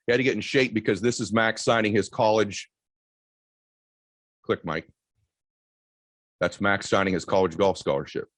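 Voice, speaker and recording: A man in his forties giving a motivational speech to a live audience, telling a story with quick, energetic delivery and loud shouts at the high points. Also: no echo. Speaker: motivational keynote speaker. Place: event stage before a live audience.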